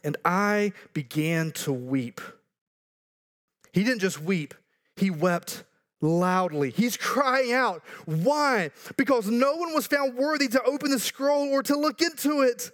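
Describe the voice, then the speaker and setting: A man's voice: high voice, slow pace, a bit bright. A pastor in his thirties or forties preaching a sermon earnestly, building to emphatic repeated lines with joking asides.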